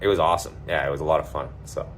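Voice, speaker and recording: A man's voice: extremely low pitch, steady tone, very fast, slight background noise. A man chatting casually to his livestream viewers, rambling and swearing freely, with lots of filler words. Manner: rambling, loose and profane, full of filler words.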